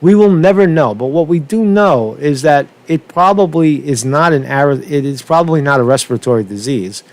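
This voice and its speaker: A man ranting unscripted on a political commentary vlog, profane and rambling, with halting restarts, repeated words, and a constant "right?" tag. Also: on the high side, lively intonation, darkish tone. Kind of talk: unscripted rant.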